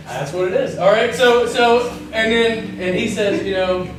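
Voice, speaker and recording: A man with a high voice gives a chatty, joking sermon and slips into little voices for the people in his stories. He is heard from a distance, in a very echoey church hall with faint noise behind him. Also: a little slow. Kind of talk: casual sermon.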